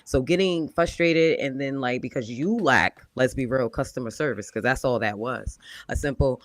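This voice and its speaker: A man's voice: medium pitch, moderate pace, hardly any pauses, dry recording. A man co-hosting a casual panel talk, giving blunt advice in a lecturing, conversational way. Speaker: podcast co-host.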